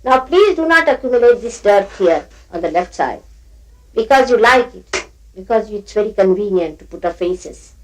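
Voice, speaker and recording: A woman's voice: mid-range voice, expressive, normal speed, poor audio. An older woman teaching at a spiritual gathering, scolding her listeners playfully and often breaking into laughter as she mimics them.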